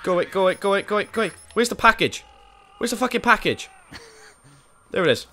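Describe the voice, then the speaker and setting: Male game host, excitable, yells then mutters, bright voice. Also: high voice, fast talker, a little hiss or hum. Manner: excitable, swings from muttering to yelling. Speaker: gaming channel host. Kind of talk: co-op gameplay commentary.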